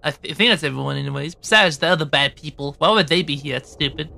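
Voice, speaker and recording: A man's voice: on the high side, quick pace, vocal fry, sharp tone, heavily acted. A man voicing a bossy woman who runs a trial in a goofy comedy fan dub, rambling and joking as he goes. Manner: rambling, joking, breaks character. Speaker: fan dubber.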